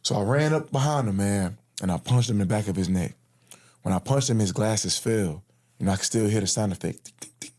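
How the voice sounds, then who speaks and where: A man's voice: fairly low pitch, brisk, darkish tone. A man casually recounting a personal story in an interview, in slangy talk and acting out the quoted lines. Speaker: interview guest.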